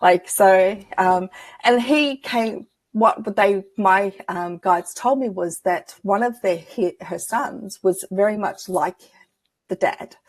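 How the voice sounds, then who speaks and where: A woman who works as a spiritual medium is a guest on an interview show, casually telling personal stories in a chatty, reflective manner and acting out remembered dialogue. Her voice is medium-pitched and slow, with no room sound.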